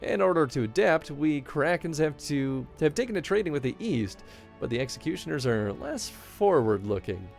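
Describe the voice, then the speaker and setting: A man's voice: fairly high pitch, big pitch swings, normal speed, creaky, faint music behind, voice pushed up. A man reading the lines of a shrewd, worldly pirate captain in formal, old-fashioned phrasing. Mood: musing. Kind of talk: reading game dialogue aloud.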